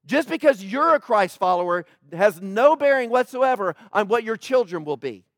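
A man's voice: high-pitched, expressive, moderate pace, a bit bright, dry recording, studio quality. A man preaching a sermon in a conversational way, asking the congregation questions and pressing his points harder as he goes. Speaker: pastor.

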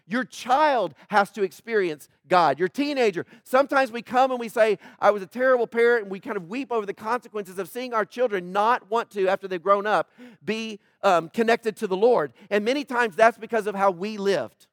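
A man's voice: high voice, moderate pace, a bit bright, dry recording, clean studio sound. A man preaching a sermon in a conversational way, asking the congregation questions and pressing his points harder as he goes. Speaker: pastor.

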